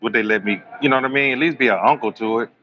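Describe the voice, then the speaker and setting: A live-stream host and self-styled prophet preaches bluntly, swearing and acting out both sides of arguments. His mid-range voice races along, with lo-fi sound and slight background noise.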